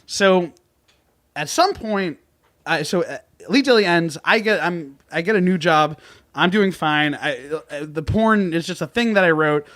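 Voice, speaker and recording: A man, a comedian and podcast guest, telling stories in an animated way and often laughing and acting out quotes. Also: a little high, unhurried, dry recording. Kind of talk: casual storytelling chat.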